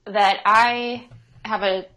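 A woman's voice: mid-range voice, fairly even intonation, drawn-out words, sharp tone, rough recording. A young woman co-hosting a casual chat podcast, dry and sarcastic, teasing her co-hosts with exasperated remarks. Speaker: podcast co-host.

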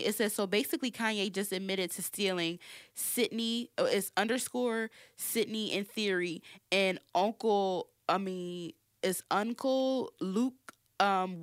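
A young woman co-hosting a podcast in casual chat, full of "like" fillers and swearing, jumping high when she gets worked up. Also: a bit bright, clear, resonant tone, no echo, clean studio sound. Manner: filler-heavy, profane, rises high when heated. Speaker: podcast co-host.

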